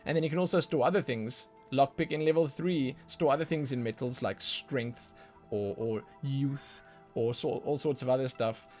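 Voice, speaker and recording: A man livestreaming a game and chatting casually with his viewers, rambling, repeating words as he goes, with sudden bursts of excitement. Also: mid-range voice. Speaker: livestreaming gamer.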